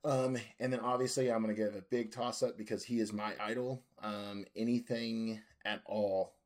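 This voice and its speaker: A man's voice: fairly low pitch, fairly even intonation, moderate pace. A man giving emphatic, encouraging advice as a guest on a casual podcast. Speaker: guest, junior developer.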